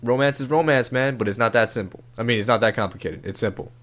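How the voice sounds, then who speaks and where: A man's voice: medium pitch, fast, a bit bright. A man hosting a comedy podcast, giving relationship advice in a casual, profane, laid-back way. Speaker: podcast host.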